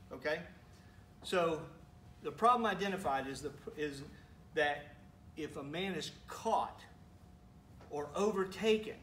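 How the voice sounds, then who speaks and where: A male pastor preaching a sermon in a relaxed, conversational way, asking the congregation questions and making teasing asides. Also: a little high, recorded from a distance, slight background noise. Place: church sanctuary. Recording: echoey room, speaker away from mic.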